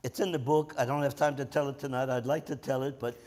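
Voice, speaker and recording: A man's voice: medium pitch, quick pace. An older man, a war veteran, telling his stories in an oral history interview, acting out the voices of the people in them and often restarting his sentences. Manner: animated, acts out voices in anecdotes; frequent repeated starts. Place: presidential library, indoors. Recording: reverberant hall.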